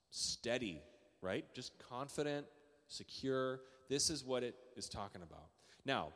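A man from Canada preaching a sermon as pastor, telling stories with animated rises in pitch and loudness. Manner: storytelling, animated, rising loud in stories. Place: church sanctuary. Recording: long hall reverb.

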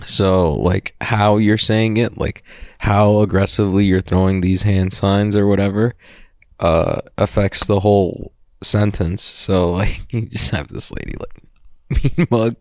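Man, podcast host, casual rambling monologue, profane, laughs a lot, fry in the voice, dry room. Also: lowish voice, measured pace, no echo. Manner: loose and profane, laughs often.

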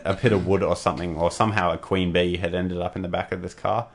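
Low gravelly aussie guy rambling casually, swears a lot, very deep. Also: level tone, quick pace. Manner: rambling, profane, laid-back. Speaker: podcast co-host. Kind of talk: casual chat.

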